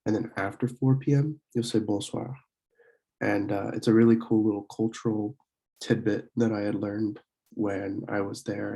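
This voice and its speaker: Young male student teacher, dark mellow tone, low pitch, relaxed recorded lesson with fillers. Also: vocal fry. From Pennsylvania, USA. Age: young adult. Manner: casual, many fillers, slow careful word demonstrations. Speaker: student French club teacher.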